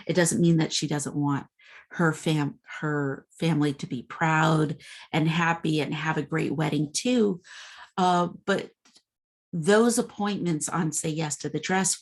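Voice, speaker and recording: A woman instructor giving an informal lecture in a conversational way, with frequent fillers. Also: on the low side.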